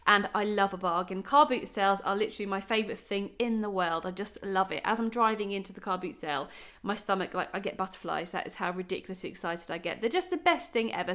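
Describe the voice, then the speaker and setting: A bubbly Norfolk-accented vlogger in her thirties chats casually to camera, peppering her talk with "right" and "um". Her voice is mid-range and a bit bright.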